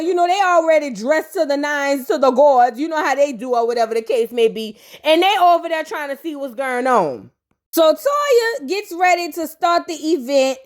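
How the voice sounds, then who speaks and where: A woman's voice: sits high, moderate pace. A woman giving casual, sassy and profane reaction commentary on a reality show, acting out the cast's lines as she retells them. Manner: sassy, profane, animated retelling with quoted voices. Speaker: reality TV recap host.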